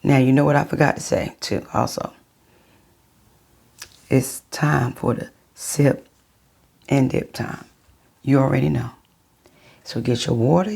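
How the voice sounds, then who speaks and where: A middle-aged woman vlogging, telling her viewers a personal story in a chatty, unhurried way. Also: very deep voice, vocal fry, a little mellow, husky.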